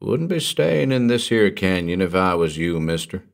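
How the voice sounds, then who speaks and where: Guy putting on an old backwoods hermit, rustic and spooky, drawls real low and quiet. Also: big pitch swings, moderate pace, gravelly, full character voice. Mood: ominous drawl.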